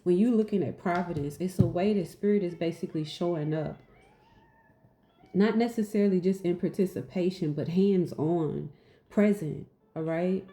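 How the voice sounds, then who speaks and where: Woman, deep and warm, casual spiritual teacher, emphatic and repetitive, a bit goofy, roomy echo. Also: moderate pace. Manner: repetitive, emphatic, asks "right?"; goofy and laughing at herself.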